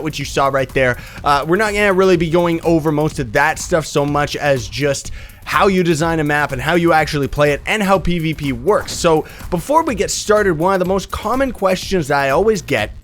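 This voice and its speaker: Young male game host, sick rough voice, rambling upbeat tutorial, slightly high voice, faint music behind. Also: a bit bright. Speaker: gaming channel host. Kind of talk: let's play tutorial commentary.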